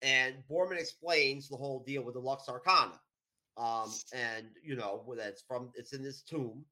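A man's voice: mid-range voice, moderate pace, pushed and bright. Rambling, profane podcast host man. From New York. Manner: rambling, profane, heavy with fillers. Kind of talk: casual recap chat.

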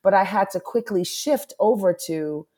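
Speaking at medium pitch and moderate pace, her warm voice has a breathy edge. She's a middle-aged author and interview guest, candidly and earnestly telling a personal story while voicing her thoughts aloud.

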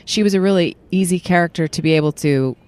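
A voice actor guest chatting casually about their roles, telling stories in a lively, rambling way with lots of fillers. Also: mid-range voice, fast talker, clear, resonant tone. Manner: animated storytelling, many fillers and restarts. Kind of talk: casual interview chat. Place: recording in a parking lot.

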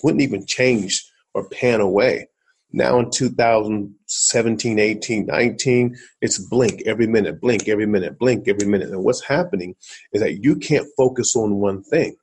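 Brief: husky man from Ohio, animated storyteller guest, mid-range voice. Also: medium pitch, low-quality recording. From Columbus, Ohio, USA. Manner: animated storyteller, acts out quotes, talks to the listener. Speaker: guest, motivational speaker and former football player. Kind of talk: storytelling in a podcast interview.

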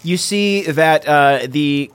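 A man's voice: on the high side, takes it slowly, clear, resonant tone. Man narrating a tabletop game. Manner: relaxed, hesitant narration with many fillers. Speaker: game master.

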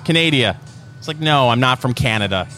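A man with a Michigan accent co-hosts a relaxed talk show. His voice is bright and clear, and he keeps his replies easygoing and good-humored. Faint music sits in the background. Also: mid-range voice, moderate pace. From Michigan, USA. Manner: easygoing, laughs often, short replies. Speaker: podcast co-host. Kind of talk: casual chat.

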